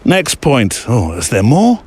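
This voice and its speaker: A man's voice: mid-range voice, wildly swooping pitch, slow pace, a little mellow, breathy edge. A man hosting a podcast while walking outdoors in the snow, chatting playfully and reading out listener letters. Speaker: podcast host. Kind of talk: casual podcast chat on a walk.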